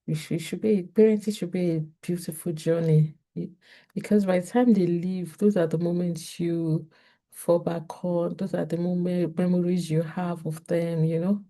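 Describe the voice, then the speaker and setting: Speaking in a mellow voice on the low side, a woman with a Nigerian English accent addresses parents directly to camera. Her parenting advice is earnest, and she goes back over her main points more than once.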